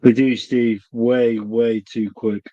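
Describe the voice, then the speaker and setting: A man's voice: mid-range voice, flat delivery, slow pace, mellow, muffled recording. A middle-aged man, rambling and thinking aloud in a casual live-stream chat from a small room he built himself. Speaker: livestreamer.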